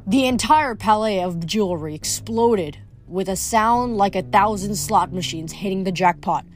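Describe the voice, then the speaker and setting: A woman reading a novel aloud, expressive, with small slips now and then. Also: medium pitch, moderate pace, soft background music. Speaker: audiobook reader.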